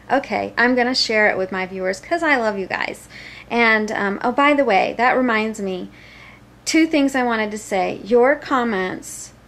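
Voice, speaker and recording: A tired middle-aged woman vlogging in a rambling, giggly, chatty way to her viewers. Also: a little high. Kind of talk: casual chat to camera.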